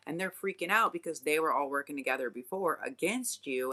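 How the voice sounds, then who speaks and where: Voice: medium pitch, steady tone, fast, hardly any pauses, sharp tone. A spiritual reader talking straight to the viewer in an unscripted reading, blunt and profane, with many restarts and asides. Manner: speaks straight to the viewer as "you guys". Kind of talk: unscripted channeled reading monologue.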